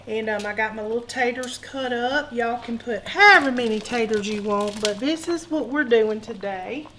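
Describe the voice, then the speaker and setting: A woman's voice: fairly high pitch, normal speed, sharp tone, slight background noise, rough recording. A woman hosting a home cooking show, talking in a folksy, joking way and calling viewers honey. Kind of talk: casual cooking demonstration. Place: home kitchen.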